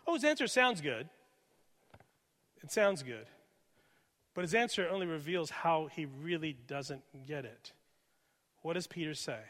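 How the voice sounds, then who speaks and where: A male pastor preaching a sermon with dynamic delivery, moving from loud emphasis to hushed near-whispers. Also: a little high, expressive, a little slow, pauses often. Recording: reverberant hall.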